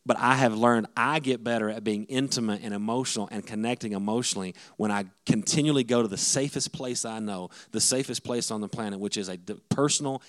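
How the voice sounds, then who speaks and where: A man's voice: on the low side, brisk, few pauses. A middle-aged man, a pastor, giving a conversational sermon-style talk on marriage to the men, with frequent restarts.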